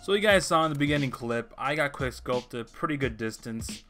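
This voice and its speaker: Young guy ranting thru gameplay commentary, sharp bright voice, bit of music playing under. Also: mid-range voice, animated, a little fast. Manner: ranting, opinionated, frustrated. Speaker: gaming video creator.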